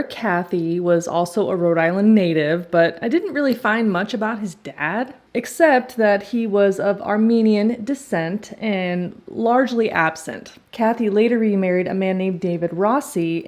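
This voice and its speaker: A woman's voice: medium pitch, darkish tone. A woman hosting a true crime vlog, telling the story in a playful, jokey way with laughing asides while she does her makeup.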